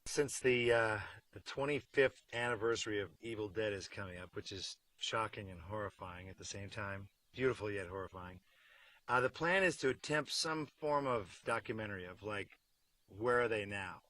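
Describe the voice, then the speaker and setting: Rich: a fairly low-voiced middle-aged actor in a making-of interview. His sound is crisp and bright, and he talks in a dry, joking way. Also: moderate pace, rough recording. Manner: wry, joking, deadpan asides; acts out silly voices mid-story. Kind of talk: behind-the-scenes interview.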